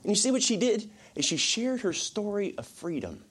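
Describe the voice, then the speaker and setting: A male pastor with a fairly high voice delivers a sermon. He moves between hushed, whispered lines and urgent, rising appeals, and sounds a little sniffly and emotional. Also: very animated, normal speed, hardly any pauses, breathy edge. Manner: preaching with swells from soft whispers to raised urgent lines.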